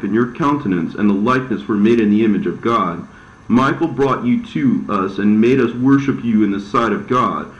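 A man voicing the devil, an envious, deceitful fallen angel who talks in a smooth but aggrieved way. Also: mid-range voice, lightly acted. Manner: smooth-talking, bitter, aggrieved. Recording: roomy, slightly dull recording.

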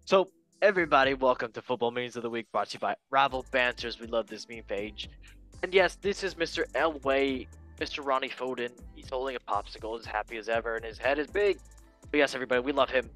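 A man's voice: mid-range voice, fairly bright tone, soft background music. Playful young man hosting a chat show. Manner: chatty, playful, quick to laugh at his own jokes. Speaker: podcast host. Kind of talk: casual chat reading football memes.

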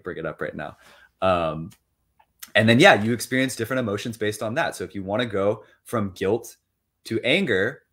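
A young man guest in a casual interview, talking in an animated way, acting out inner voices and swearing casually. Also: fairly low pitch. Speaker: interview guest, money coach.

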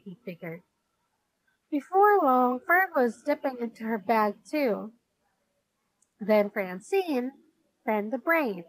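Female storybook reader, gentle, slow, dry close sound. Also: on the high side, lively intonation, no echo, poor audio. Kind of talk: children's storybook read-aloud.

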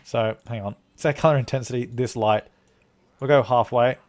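A man's voice: medium pitch, fairly even intonation, moderate pace. A man from Australia streaming a game live, thinking aloud as he plays and thanking viewers for donations. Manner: rambling, thinking aloud while playing. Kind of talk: live gameplay commentary.

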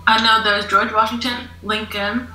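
Teenage boy, bright echoey call audio. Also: sits high, level tone, moderate pace, a little hiss or hum. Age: teens. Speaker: video chat stranger. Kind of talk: casual chat. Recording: echoey tinny video call.

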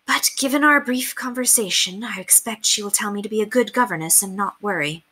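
A woman's voice: mid-range voice, brisk, sharp tone, slightly rough, poor audio. A woman voicing a worried, earnest young governess in a storybook read-aloud.

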